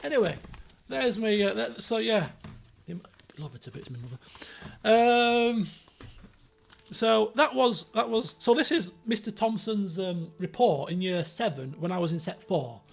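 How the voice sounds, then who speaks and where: A man's voice: high voice, measured pace, vocal fry. A man, telling rambling stories from his school days on a live stream and acting out the people in them. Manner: animated, rambling anecdotes with acted-out quotes. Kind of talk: casual storytelling on a live stream.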